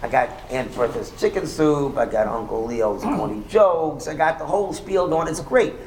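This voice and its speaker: A man voicing a cheerful grown guest who enjoys the family dinner, speaking slowly and easily. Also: fairly high pitch, a little mellow, slight background noise, natural voice, low-quality recording. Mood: nostalgic.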